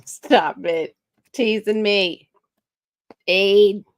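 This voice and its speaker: A woman's voice: mid-range voice, very slow, no echo. A woman with a Florida accent, chatting playfully and laughing on a livestream. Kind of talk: casual chat.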